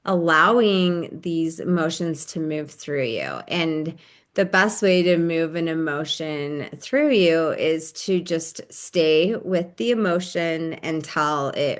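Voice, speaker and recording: A woman giving a calm, gentle wellness lesson in a casual, explanatory way, with frequent fillers. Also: deep voice. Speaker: wellness teacher. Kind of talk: casual instructional talk.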